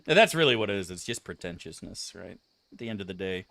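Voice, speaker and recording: A man's voice: low voice, animated, quick pace, creaky, fairly bright tone, dry recording. A young man streaming a game, chatting casually to his viewers in a profane, ranting, mock-outraged way. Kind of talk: casual live-stream chat.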